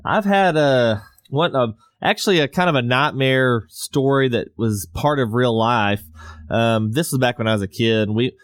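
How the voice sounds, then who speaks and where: A man's voice: medium pitch, normal speed, no echo, clean studio sound. A middle-aged man hosts a podcast, telling a rambling story and laughing often. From Southwest US. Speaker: podcast host. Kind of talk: casual chat.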